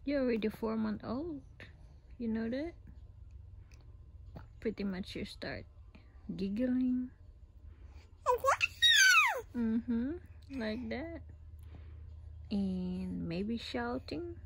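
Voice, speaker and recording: A woman in baby-talk with her infant, her voice fairly high and her pace very slow. She coos playfully and often drops into a whisper, with faint background noise beneath her. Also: lively intonation, gravelly, mellow. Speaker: mother.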